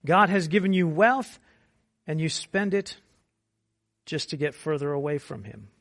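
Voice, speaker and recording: A man preaching a sermon, moving from quiet, measured explanation to loud, impassioned appeals. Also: on the high side, lively intonation, creaky, dry recording, clean studio sound. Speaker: pastor.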